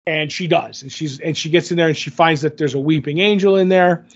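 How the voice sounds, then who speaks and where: A man's voice: fairly high pitch, steady tone, a little fast, highs cut off. A man casually recapping a TV episode in a loose, rambling way, full of fillers. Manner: rambling, filler-heavy retelling. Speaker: podcast co-host.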